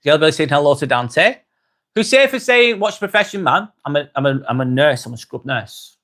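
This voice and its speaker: A man's voice: fairly high pitch, very animated, brisk, fairly bright tone. A young English man hosting a casual livestream, chatting and reading out viewers' comments with frequent fillers and repeated phrases. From England. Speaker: livestream host.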